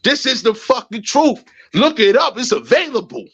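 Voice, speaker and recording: A man hosting a heated livestream rant, profane and agitated. He repeats phrases and swings from low mutters to high shouts. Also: very animated, moderate pace, breathy edge. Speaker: livestream host. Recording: muffled lo-fi livestream audio.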